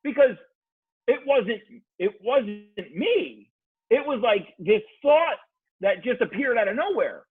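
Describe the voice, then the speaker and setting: A man's voice: extremely high pitch, takes it slowly, slightly rough, dry recording. A man talking as a coach guest in a casual podcast chat, telling stories with lots of swearing. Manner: animated storyteller, swears freely. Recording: tinny phone-like line.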